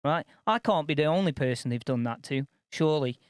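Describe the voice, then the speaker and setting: High-voiced sweary man telling a story. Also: fairly quick, clean tone, dry recording, studio quality. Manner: sweary, animated, repeats himself. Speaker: podcast co-host. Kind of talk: casual storytelling chat.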